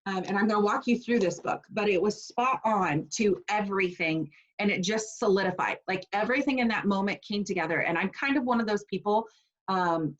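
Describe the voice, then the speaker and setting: A woman's voice: mid-range voice, highs cut off. A woman in her forties teaching a casual online class, chatty and personal with plenty of fillers. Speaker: essential oils class teacher.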